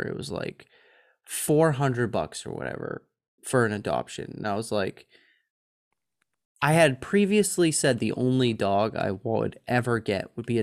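A man in his thirties co-hosting a podcast, telling a story in a lively, chatty way and mimicking other people's voices. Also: lowish voice, vocal fry. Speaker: podcast co-host. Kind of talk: casual chat.

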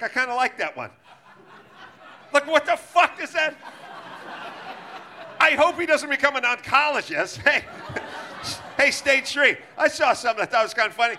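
A man hosting a live comedy podcast, ranting in a profane, animated way. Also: extremely high pitch, normal speed. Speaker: podcast host.

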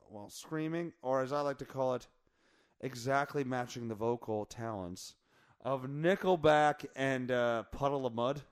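A man hosts a laid-back podcast, his voice hoarse and worn. He rambles along jokily, doubling back on his words and correcting himself as he goes. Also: mid-range voice. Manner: rambling, self-correcting, jokey. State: hoarse from singing in the car. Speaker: podcast host. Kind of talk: casual podcast chat.

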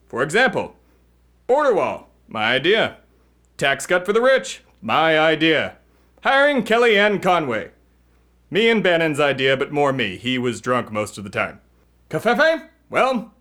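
Man doing a brash podcast-host fixer; bright, tense, pushy, high-pitched bluster. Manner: bombastic, boastful, yelling. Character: brash loud political fixer man, arrogant. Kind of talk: comedy podcast character.

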